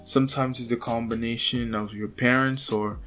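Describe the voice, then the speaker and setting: A man voicing an anxious, excitable teenage boy in a fan-made story, stammering in a high voice. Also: moderate pace, soft background music, close to an everyday voice. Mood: baffled.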